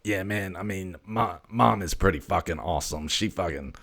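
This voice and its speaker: A man's voice: low voice, moderate pace, gravelly, a bit bright, heavily acted. A man voicing a brash, foul-mouthed male house cat who swaggers, stammers and swears constantly. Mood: boastful. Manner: swaggering, profane, rambling with stammers.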